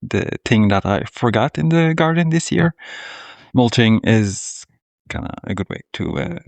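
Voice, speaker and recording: A man's voice: fairly low pitch, expressive, unhurried, gravelly, dry recording. A man with a Quebec French accent cohosting a garden podcast, speaking hesitantly and searching for words. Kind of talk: casual chat.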